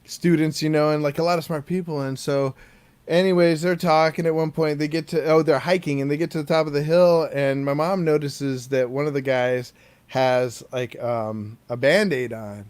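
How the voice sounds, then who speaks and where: A man's voice: fairly high pitch, steady tone, normal speed, a little mellow, smooth. A man co-hosting a podcast, telling a family story in a rambling, casual way and laughing easily. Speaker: podcast co-host.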